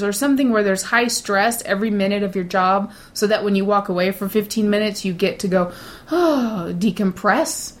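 Middle-aged woman, blunt, self-assured, casual chat, mocking quoted voices. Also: mid-range voice. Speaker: data center shift supervisor.

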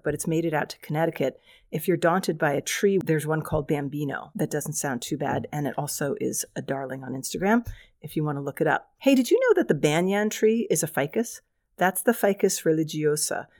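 A woman's voice: deep voice, darkish tone, dry recording, clean studio sound. An older woman hosting a radio gardening segment, chatty and wry, with enthusiastic asides. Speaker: radio gardening show host.

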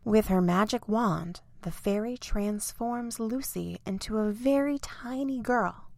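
A woman narrating a children's bedtime story in a clear, expressive way. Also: mid-range voice, unhurried, few pauses, no room sound, studio quality.

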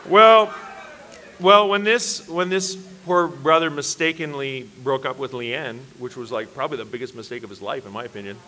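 A man's voice: mid-range voice, normal speed, sharp tone, a faint crowd, a little hiss or hum. A man preaching at a church worship service, telling self-deprecating, humorous personal stories to a congregation. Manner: self-deprecating, joking storyteller.

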